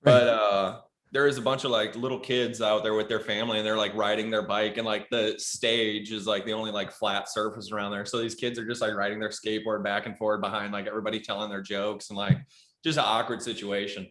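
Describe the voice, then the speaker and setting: Bright-voiced comedian telling loose stories. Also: male voice, fairly low pitch, flat delivery, a little fast, echoey room. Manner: loose, profane storytelling with loud acted quotes. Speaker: comedian guest. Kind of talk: casual podcast chat.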